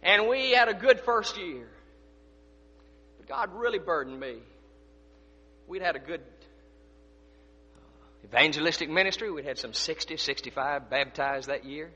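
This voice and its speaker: A man preaching a sermon as pastor, swinging between loud declarations and hushed asides. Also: a little high, expressive, a little slow, long pauses, husky, long reverb tail, lo-fi sound.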